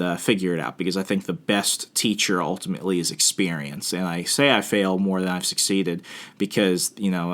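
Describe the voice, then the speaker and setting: Low-voiced man rambling through podcast advice. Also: a bit bright. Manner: rambling, filler-heavy, self-deprecating. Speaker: podcast host. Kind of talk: casual advice monologue.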